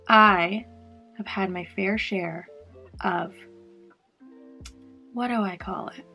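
A young woman from Canada chatting casually to camera while doing her makeup, animated and sometimes mocking. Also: medium pitch. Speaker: beauty vlogger. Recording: faint music behind.

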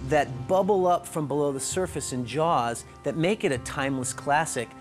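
An eloquent man speaking emphatically in an interview, his voice a little higher than most. Faint music sits under him. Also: normal speed. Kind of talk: interview commentary on film.

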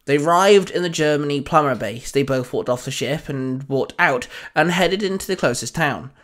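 A man's voice: fairly high pitch, lively intonation, normal speed, background noise. Upbeat male audiobook narrator. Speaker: storytelling channel host. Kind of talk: reading fan fiction aloud.

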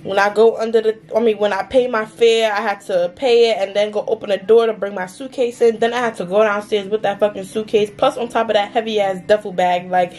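A woman's voice: medium pitch, steady tone, a little fast, hardly any pauses, darkish tone, soft background music. A young woman, ranting in a casual storytime vlog, heated and full of swearing and filler words. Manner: heated, profane ranting with lots of "like" and "mind you". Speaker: vlogger.

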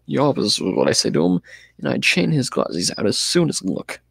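Man doing a thick-headed young hooligan, sullen, blunt, gravelly, husky. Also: medium pitch, huge pitch swings, normal speed, dry recording, studio quality, exaggerated voice. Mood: sneering. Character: dim-witted thuggish young male gang member.

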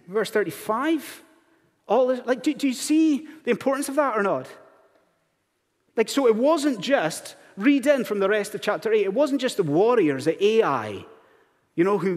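A man preaching a sermon in a church, asking the congregation one earnest rhetorical question after another. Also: high voice. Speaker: pastor. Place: church sanctuary. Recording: long hall reverb in church.

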